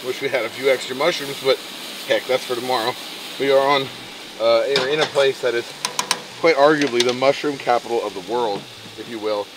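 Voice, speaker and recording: A man chatting casually as he cooks outdoors, explaining each step in a relaxed way. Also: medium pitch, fairly quick, recorded from a distance, background noise. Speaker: outdoor cooking vlogger. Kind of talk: casual cooking narration. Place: outdoors at a campsite.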